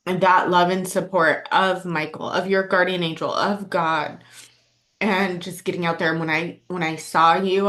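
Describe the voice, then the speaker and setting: A woman's voice: on the low side, fairly bright tone. A woman hosting a heartfelt chat, talking in an effusive, affectionate way and repeating loving words. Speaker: host. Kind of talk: emotional casual chat.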